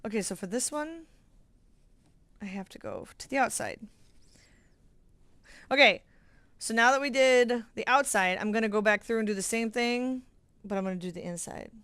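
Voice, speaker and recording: A middle-aged woman hosting a casual quilting livestream, chatting excitedly with viewers as she sews. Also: on the high side, normal speed, pauses often, no echo. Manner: bubbly, chatty, talks to viewers by name. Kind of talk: casual livestream chat while sewing.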